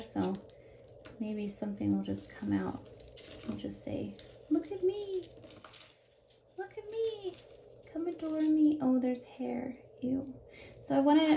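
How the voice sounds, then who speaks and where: Chatty woman with gravelly, mellow voice. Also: medium pitch, slight background noise. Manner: chatty, rambling, jumps between topics. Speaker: jewelry unboxing vlogger. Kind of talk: casual chat while unboxing. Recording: roomy echo with faint ambience.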